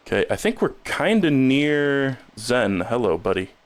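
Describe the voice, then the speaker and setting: A man's voice: mid-range voice, big pitch swings, unhurried. A man streaming a game, rambling in casual commentary and stumbling over repeated words when he gets stuck.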